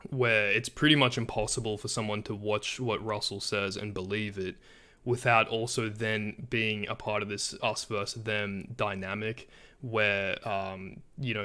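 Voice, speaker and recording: A man, not from America, giving halting commentary on a video, full of fillers and restarts. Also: lowish voice, sharp tone. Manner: hesitant, many fillers and restarts. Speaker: commentary channel host.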